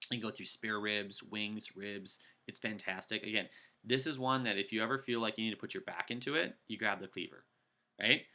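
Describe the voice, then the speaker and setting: A man giving an energetic sales training talk, coaching his listeners and acting out customer pitches. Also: a little fast. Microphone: video call.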